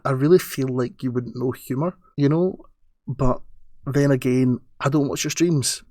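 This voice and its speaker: A man's voice: mid-range voice, a little mellow, dry recording. Sarcastic Scottish man with a dry sound. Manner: sarcastic, halting, with stammered restarts. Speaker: streamer. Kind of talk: defensive reply to a critic.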